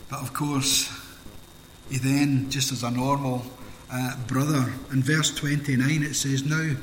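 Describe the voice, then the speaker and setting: A man's voice: mid-range voice, level tone, slow pace, long pauses, a little hiss or hum. A Scottish man preaching a sermon in a conversational storytelling manner, in a large hall or church. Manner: storytelling, conversational, acts out Bible scenes. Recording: echoey hall with long reverb.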